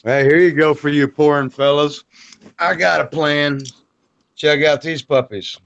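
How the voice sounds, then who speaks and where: Male guest dialed in by phone, relaxed, jokey bragging, muffled audio. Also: on the high side, measured pace, gravelly, slight background noise. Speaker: livestream guest. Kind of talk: casual group chat.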